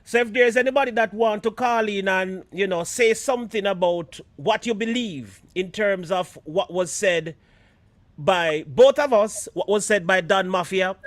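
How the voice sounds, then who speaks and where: A man's voice: high-pitched, a little slow, no room sound. A Jamaican man hosting a live stream show, chatting casually and mixing patois with standard English.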